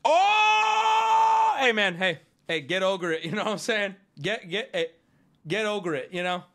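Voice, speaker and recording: A man in his thirties streaming live, talking casually and swearing, breaking into loud outbursts. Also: high-pitched, a little fast. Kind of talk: live stream pack opening.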